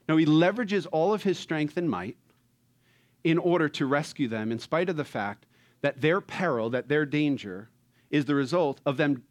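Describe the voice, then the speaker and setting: A pastor with a fairly high voice preaches at normal speed, acting out movie characters. He swings between loud, excited bursts and hushed, tender moments.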